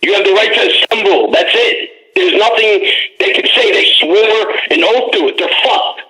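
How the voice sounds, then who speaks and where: A man's voice: high voice, moderate pace, bright, forceful tone, poor audio. Blunt profane male radio caller.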